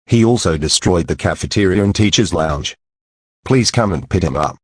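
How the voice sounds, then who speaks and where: Brief: computer man as a stern cartoon principal, low and husky, dry sound. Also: lively intonation, normal speed, no echo. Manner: stern, scolding. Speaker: school principal. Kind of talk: text-to-speech cartoon dialogue.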